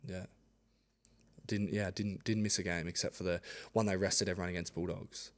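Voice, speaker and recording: Young australian man, low voice, casual storytelling, animated, laughs a lot. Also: normal speed. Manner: animated, acts out quoted voices, laughs often. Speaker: podcast guest, rugby league player.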